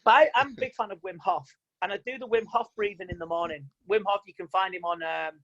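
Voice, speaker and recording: Man, mind coach, animated and chatty, online seminar. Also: high-pitched, fast, dull audio. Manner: animated, chatty, quotes people in mock voices. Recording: video call audio.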